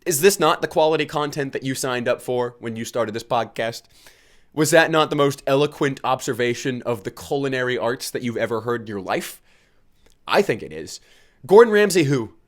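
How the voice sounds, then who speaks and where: A tired man talks alone into his podcast mic, drifting from one tangent to the next. He mocks himself and laughs at his own jokes, and his pitch jumps around animatedly. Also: animated, moderate pace. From United States. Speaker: podcast host. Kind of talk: casual solo podcast chat.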